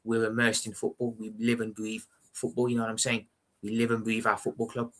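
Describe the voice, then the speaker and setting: A man with a Scouse accent talks on a live football watchalong stream in a casual, blunt way. His voice sits fairly low but comes across bright and forceful. He rambles and circles back on his points. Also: monotone, fairly quick. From Liverpool, England. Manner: blunt, rambling, repeats "you know what I'm saying".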